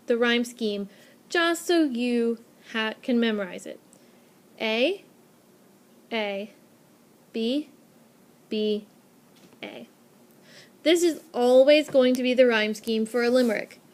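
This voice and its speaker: A young adult woman narrates a classroom lesson recorded on a tablet. Her voice sits a little high for a woman. She explains in an upbeat, clear teacherly way and leans on repetition to drive key points home. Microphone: tablet microphone.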